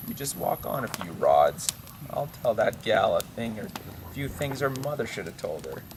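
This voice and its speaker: Gruff, bossy old country father, as a male storyteller plays him, background noise. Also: lowish voice, big pitch swings, moderate pace, voice pushed down. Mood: stern. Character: hot-headed bald old rural father.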